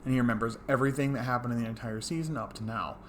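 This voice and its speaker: A man's voice: medium pitch, fairly even intonation, very fast, slight background noise. A man casually recapping an episode as a reviewer, rambling with lots of fillers and trailing off with "blah, blah, blah.".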